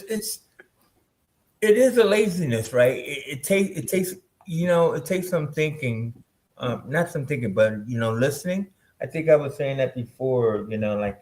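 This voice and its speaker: Guy on a podcast, kinda low voice, laid back and laughing between thoughts. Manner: laughs often, loose and easygoing. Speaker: filmmaker guest. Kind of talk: casual interview chat.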